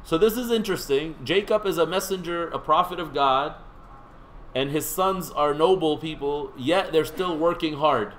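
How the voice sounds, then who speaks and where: A man with a somewhat high voice gives a relaxed classroom lecture. He talks in a conversational way, stops to quiz the students in the room, and drops in light joking asides. A faint hiss sits under his voice. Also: moderate pace, low-quality recording. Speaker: seminary teacher.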